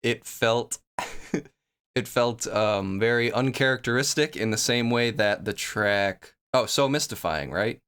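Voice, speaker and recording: A man's voice: mid-range voice, unhurried, clean tone. A man hosting a reaction video, chatting casually and laughing often as he comments. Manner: laughs often, jokey and relaxed.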